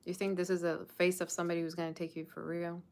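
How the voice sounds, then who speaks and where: Her voice sits low and a bit dark, level in tone and fast. She's a young woman hosting a tarot livestream, casually chatting and teasing her chat with sassy banter.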